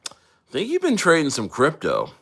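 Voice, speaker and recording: A man's voice: on the high side, huge pitch swings, normal speed, a bit bright, breathy edge, pitched above the performer's own voice, full character voice. A man putting on the voice of a prying male office supervisor who questions a worker, with a falsely casual manner full of ums.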